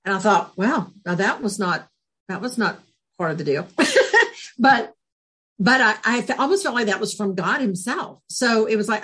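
Spunky chatty woman guest, kinda husky, laughs a lot while telling stories. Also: mid-range voice, normal speed. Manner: spunky and talkative; laughs often, animated storytelling. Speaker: podcast guest. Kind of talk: casual interview chat.

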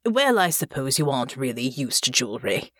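A woman's voice: a bass voice, sing-song, brisk, a bit bright, no echo, clean studio sound, voice pushed down, exaggerated voice. A woman narrator voicing a doting, fretful older noble father in an audiobook.

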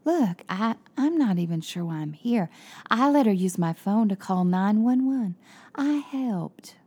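An evasive, defensive man, voiced by a woman narrator in an audiobook. He hedges his answers in a slightly lowered voice. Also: lively intonation, unhurried, dark tone, husky. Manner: defensive, hedging replies. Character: defensive, evasive adult male neighbor.

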